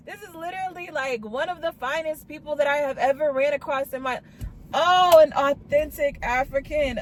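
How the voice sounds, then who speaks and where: A woman's voice: normal speed, a little hiss or hum. A young woman vlogging, telling a date story in casual slang, gushing and quoting herself in squeals, with a cough. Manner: animated, gushing, quotes herself in high squeals. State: coughing, under the weather.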